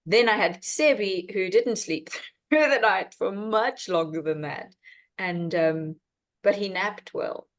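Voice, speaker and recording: Laughing mom telling a story. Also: female voice, mid-range voice, slow pace. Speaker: parent on a coaching call. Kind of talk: casual chat.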